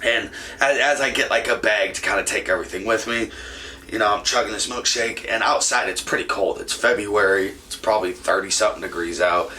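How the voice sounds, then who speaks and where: A man's voice: lowish voice, a little fast, bright, forceful tone, slight background noise. A young man casually telling a rambling, profane story, laughing often as he goes. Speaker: podcast host.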